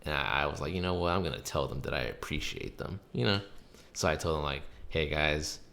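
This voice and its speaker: A man's voice: extremely low pitch, fast talker, creaky. A young adult man hosting a casual chat, telling stories with lots of swearing and laughter. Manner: animated storytelling, swears a lot, laughs often. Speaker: podcast host.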